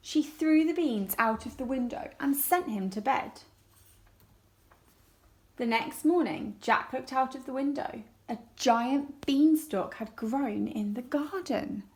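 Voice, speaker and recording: Lady teacher, slow careful storytime voice, keeps asking the kids questions. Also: on the high side. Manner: slow and clear, asks children questions. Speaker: primary school teacher. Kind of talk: reading a story aloud for a lesson.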